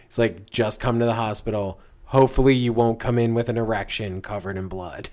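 A man's voice: lowish voice, fairly quick, hardly any pauses. Man in his thirties telling a wild story. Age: 30s. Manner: animated anecdote telling, laughing at own story. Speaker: podcast guest. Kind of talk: casual storytelling chat.

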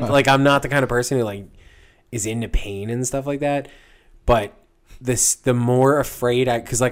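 A man in his thirties casually telling a long, animated anecdote on a podcast, laughing at his own story. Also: lowish voice. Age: 30s. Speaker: podcast guest.

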